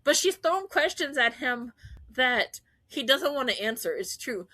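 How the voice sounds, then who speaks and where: Bright-voiced gushing woman podcaster. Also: high-pitched, moderate pace, dry recording. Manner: animated, gushing, laughs often. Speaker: podcast host. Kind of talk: casual fan recap.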